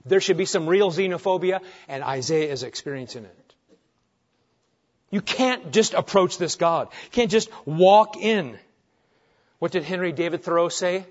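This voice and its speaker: A man preaching with a high-pitched voice, jumping from loud emphatic lines to near-whispered asides. He keeps asking the congregation rhetorical questions. The recording sounds dull and lo-fi. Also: moderate pace. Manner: dramatic, swings between loud emphasis and hushed asides. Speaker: pastor. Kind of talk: sermon.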